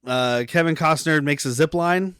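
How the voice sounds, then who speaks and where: A man's voice: a little high, moderate pace, a bit bright, clear, resonant tone, dry recording, studio quality. A male podcast co-host casually retelling a movie's plot, adding behind-the-scenes trivia.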